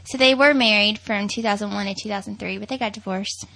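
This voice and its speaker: A woman's voice: medium pitch, quick pace, gravelly, sharp tone, poor audio. A woman with a Southern US accent, co-hosting a podcast in casual chat, talkative and teasing. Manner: chatty, teasing, laughs often. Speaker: podcast co-host.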